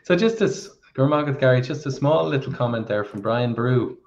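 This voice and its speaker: A man's voice: medium pitch, lively intonation, very noisy. A man hosting a live Q&A, reading viewer questions aloud over a video call. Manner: reads questions aloud at a measured pace. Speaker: host. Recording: dull lo-fi call audio.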